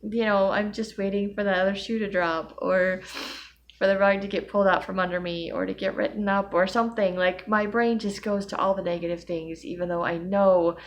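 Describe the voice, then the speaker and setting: A woman's voice: medium pitch, fairly even intonation, fairly quick, muffled recording, a little hiss or hum. A young woman recording a personal video diary, emotionally overwhelmed, rambling and self-deprecating with nervous laughs. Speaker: vlogger.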